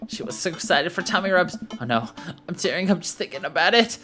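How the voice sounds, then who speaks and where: A man's voice: high-pitched, animated, fairly quick, music in the background, voice pushed up. A man voicing a sassy, playful teenage girl in a video game who deflects with jokes and teasing. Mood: breezy, evasive. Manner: teasing, snarky.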